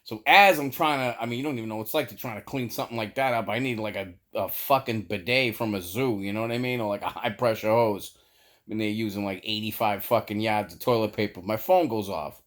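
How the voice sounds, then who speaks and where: A young man telling a comic story in a casual, profane, animated way, laughing mid-sentence. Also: fairly low pitch, a little fast. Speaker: storyteller vlogger.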